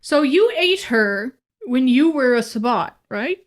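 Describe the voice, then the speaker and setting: A woman player role-playing in a tabletop game, excitable and quick to swear. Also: high voice. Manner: excitable, swears often, laughs a lot. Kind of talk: in-character tabletop role-play.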